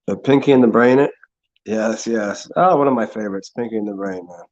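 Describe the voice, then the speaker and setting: A man's voice: a little fast, a little mellow, highs cut off. A man hosting a casual livestream, rambling sarcastically and swearing as he mocks others. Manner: sarcastic, mocks people in high put-on voices, swears. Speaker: livestream host.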